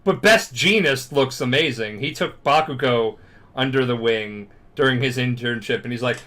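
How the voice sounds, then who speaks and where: A man's voice: mid-range voice, normal speed, sharp tone. A drunk man rambling through a profane comedic recap, jumping into silly voices for the characters. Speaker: podcast host.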